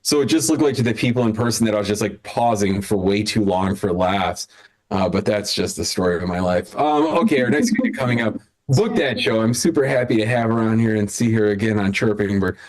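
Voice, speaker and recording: A man's voice: lowish voice, fairly quick, darkish tone. Man hosting a live online comedy show, loose and rambling, chuckles at his own bits. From Chicago area. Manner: rambling, self-interrupting, laughs at own jokes. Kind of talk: casual hosting banter on a video call.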